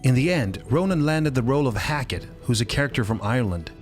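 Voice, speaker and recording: A man's voice: mid-range voice, animated, quick pace, faint music behind. A man narrating and introducing guests in a scripted way. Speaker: interviewer and narrator.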